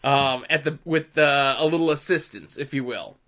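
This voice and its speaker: A man's voice: mid-range voice, moderate pace. A man telling wrestling backstage stories in casual podcast chat, with sly asides. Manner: animated storyteller, sly asides.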